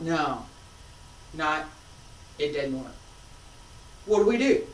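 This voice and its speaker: A woman teaching a martial arts class, calmly coaching breath and movement and repeating cues. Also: low-pitched, slow, pauses often. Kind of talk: class instruction while practicing. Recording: roomy, from a distance with faint noise.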